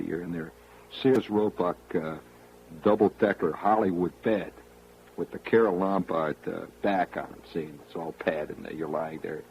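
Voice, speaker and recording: A man's voice: deep voice, darkish tone, a little hiss or hum, rough recording. A man hosting a radio show, spinning a rambling, wry monologue straight to the listener. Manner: rambling storyteller, confiding, wry. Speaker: radio host.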